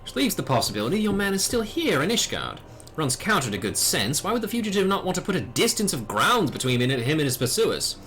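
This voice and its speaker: A man's voice: a little high, sing-song, fairly quick, a bit bright, pitched above the performer's own voice. A man voicing a formal, helpful male watchman with old-fashioned phrasing, read from a game.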